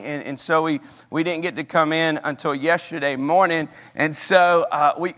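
A man with a Southern accent, a guest student pastor preaching in a church with folksy, rambling storytelling. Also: high-pitched. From Mississippi hills. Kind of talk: prayer and sermon. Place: church sanctuary. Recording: long church hall reverb, soft guitar.

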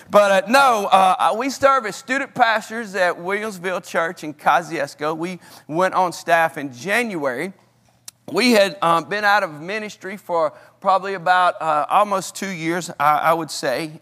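A man with a Southern accent, a guest student pastor preaching in a church with folksy, rambling storytelling. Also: high-pitched. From Mississippi hills. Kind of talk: prayer and sermon. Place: church sanctuary. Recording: long church hall reverb, soft guitar.

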